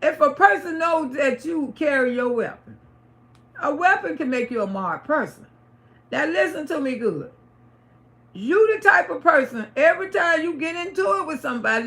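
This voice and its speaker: High, gravelly woman telling a story. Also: expressive, moderate pace, fairly bright tone. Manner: emphatic, repetitive, profane. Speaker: livestream host. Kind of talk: casual storytelling to a live audience. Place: her home apartment.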